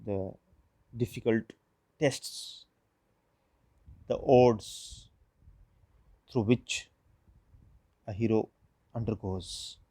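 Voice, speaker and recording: A man, an English lecturer, giving a recorded lecture, explaining slowly and repeating key terms. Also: on the low side, steady tone, warm tone, no echo.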